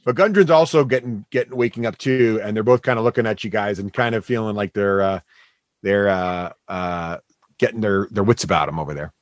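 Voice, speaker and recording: A man's voice: lowish voice, fairly quick, no echo. Man running a tabletop game, dry sound. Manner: casual, many fillers and restarts. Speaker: game master.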